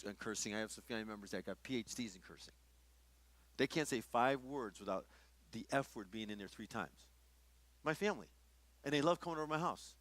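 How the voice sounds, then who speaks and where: A man's voice: medium pitch, fairly bright tone. A middle-aged man teaching a workshop in a conversational sermon style, often restarting his sentences. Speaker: workshop speaker.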